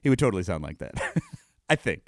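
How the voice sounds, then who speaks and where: A man's voice: low voice, very animated, a little fast, no room sound, clean studio sound. A man in his thirties co-hosting a casual chat, joking, laughing often and swearing. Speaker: podcast co-host.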